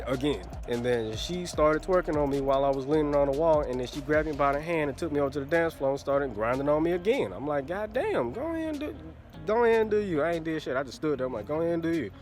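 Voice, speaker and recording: A man's voice: a little high, fast. A man in his twenties telling a crude storytime vlog into his phone, laughing often and repeating a filler phrase. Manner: crude, laughing, keeps saying "you know what I'm saying". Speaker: vlogger. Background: faint background music.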